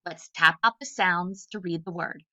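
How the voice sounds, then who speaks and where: Bright-voiced woman teaching phonics. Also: on the low side. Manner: clear, deliberate teacher talk, sounding out letters. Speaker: literacy specialist. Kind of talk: early-grade phonics lesson. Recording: dull lo-fi sound.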